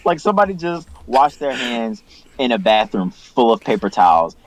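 A man's voice: mid-range voice, normal speed, poor audio. A young man co-hosting a podcast, bantering casually in slang with the odd formal phrase dropped in. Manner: relaxed slang banter, now and then oddly formal wording. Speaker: podcast co-host. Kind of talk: casual chat.

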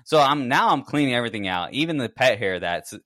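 A man's voice: mid-range voice, animated, fast talker, fairly bright tone, no echo, studio quality. A man co-hosting a podcast, telling a long story in casual chat and acting out his own reactions. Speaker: podcast co-host.

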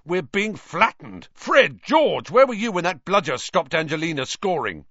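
A man's voice: medium pitch, big pitch swings, normal speed, a bit bright, no echo, highs cut off. A man voicing an anxious teenage boy who captains a sports team.

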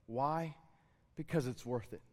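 A man in his thirties giving a sermon as a pastor, relaxed and storytelling, then rising to fervent exhortation. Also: mid-range voice, measured pace, big-room sound. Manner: conversational, building to fervent exhortation.

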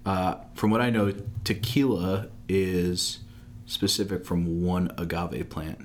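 A man's voice: low voice, fairly even intonation, slow, slight background noise. A man co-hosting a casual podcast over drinks, rambling easily with lots of fillers. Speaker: podcast co-host. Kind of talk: casual chat.

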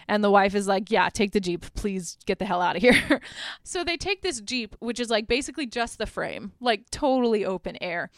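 Chatty woman podcast host, smooth voice. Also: medium pitch, fairly bright tone, dry recording, clean studio sound. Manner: chatty, laughs often, heavy "like" fillers, casual swearing. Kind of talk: casual movie recap.

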